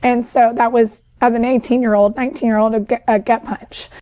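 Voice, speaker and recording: High-voiced chatty woman telling her story. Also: flat delivery, brisk, dark tone. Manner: talkative, with many fillers like "like" and "um"; describes herself as an overachiever and people pleaser who is always talking. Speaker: podcast guest sharing her story. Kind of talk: emotional personal storytelling.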